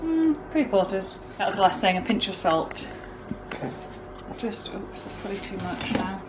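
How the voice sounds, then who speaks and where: A woman's voice: mid-range voice, expressive, normal speed, background noise. A woman, chatting casually through a home baking vlog, self-deprecating and easygoing. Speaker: vlogger. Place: home kitchen.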